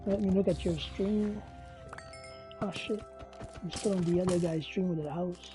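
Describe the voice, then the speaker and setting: A man's voice: sits high, steady tone, normal speed, over music. A man chatting casually with a fellow player over voice chat, making short, laid-back remarks.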